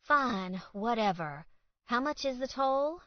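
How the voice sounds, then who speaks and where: A woman's voice: fairly high pitch, animated, takes it slowly, dry recording, dull audio, voice pushed up. A woman narrator voicing a young woman who is polite but irritated and sarcastic. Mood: exasperated. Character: exasperated young woman in soaked dress.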